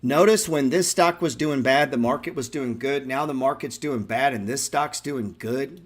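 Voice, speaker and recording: This stock trading show host talks at a normal speed with few pauses, his voice sitting in the middle range. He delivers excitable, profane, free-wheeling live market commentary, speaking right to his audience.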